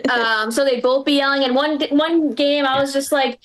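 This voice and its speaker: High-voiced young woman doing stand-up. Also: fairly even intonation, unhurried, fairly bright tone. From Boston area. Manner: rambling, filler-heavy storytelling with lots of "like" and laughs. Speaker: stand-up comedian. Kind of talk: stand-up set. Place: small live comedy venue with audience.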